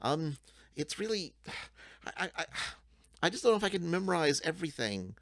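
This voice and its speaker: A man's voice: on the high side, sing-song, moderate pace, fairly bright tone, dry recording, studio quality, pitched above the performer's own voice. A man voicing a small, timid male goblin who stammers and frets. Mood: anxious. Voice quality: stammering, anxious.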